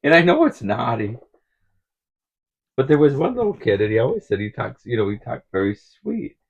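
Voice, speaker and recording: Middle-aged man, casual vlog storytelling, rambling and chuckling, gravelly husky voice, lively pitch, slightly dull recording. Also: moderate pace. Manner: rambling, laughs often while telling stories. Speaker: vlogger.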